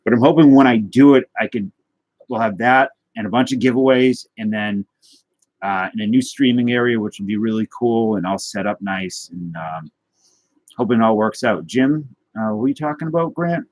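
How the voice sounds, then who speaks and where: A man with a fairly low voice hosts a casual livestream, answering his viewers' comments as they come in. He rambles and jokes at his own expense. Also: moderate pace, darkish tone, no echo. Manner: rambling, self-deprecating, joking with chat. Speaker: livestream host of a trading card and guitar show.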